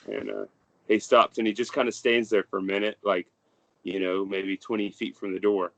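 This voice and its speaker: A man's voice: lowish voice, level tone, moderate pace, gravelly, fairly bright tone, low-quality recording. A young adult man narrating a tabletop game as game master, in a casual, rambling way full of fillers.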